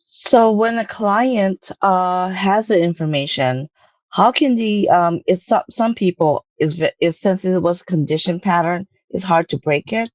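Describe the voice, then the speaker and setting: A woman who interviews the guest and asks halting questions, often searching for her words. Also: fairly low pitch, a little mellow, no echo.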